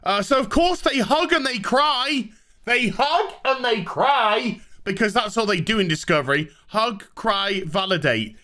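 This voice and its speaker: Sarcastic reviewer, high and bright, exasperated profane rant. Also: male voice, expressive, measured pace. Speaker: TV show reviewer. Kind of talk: comedic rant recap.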